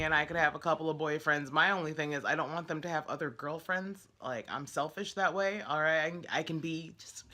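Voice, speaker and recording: A woman vlogger telling stories about her week, chatty and exasperated, her voice a little worn from singing karaoke the night before. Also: sits low. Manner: chatty, animated, exasperated retelling. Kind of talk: casual storytelling vlog.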